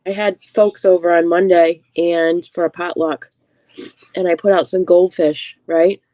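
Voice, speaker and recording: A woman's voice: fairly low pitch, steady tone, measured pace, warm tone, no echo, rough recording. A woman co-hosting a casual crochet livestream, stuffy from allergies, chatting and telling small stories. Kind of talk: casual chat.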